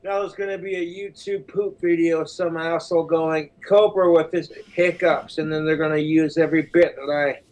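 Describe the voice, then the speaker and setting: A man's voice: fairly high pitch, fairly even intonation, moderate pace, hardly any pauses, darkish tone, low-quality recording. Crude rambling man with hiccups. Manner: crude, boastful, stumbles over words. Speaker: streamer in a played clip. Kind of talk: rambling drunken rant.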